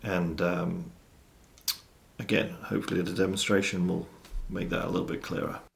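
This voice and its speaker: A man with a very low, gravelly voice explains drum rudiments. He talks in a measured, methodical way, calling out stickings one by one. He sounds like a teacher walking a student through an exercise. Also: flat delivery, slight background noise. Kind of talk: instructional explanation. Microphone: studio mic with monitor system.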